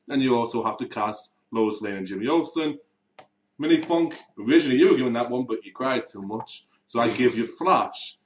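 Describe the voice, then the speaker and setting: A man co-hosting a casual show, teasing the others with crude jokes. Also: medium pitch. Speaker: co-host and quiz contestant. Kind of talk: casual podcast banter. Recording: echoey room.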